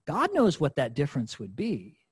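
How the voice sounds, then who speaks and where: A man doing a sly male devil, mocking, coaxing, husky voice, slow insinuating delivery. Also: on the high side, huge pitch swings, long reverb tail, voice pushed down, heavily acted.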